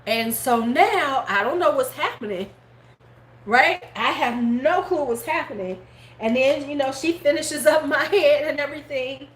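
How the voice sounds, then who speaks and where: Animated middle-aged woman telling a story, roomy echo. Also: high-pitched, measured pace. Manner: animated, swears freely, acts out relatives' words. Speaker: beauty vlogger hosting a live stream. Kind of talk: casual storytelling chat. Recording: roomy echo, faint background noise.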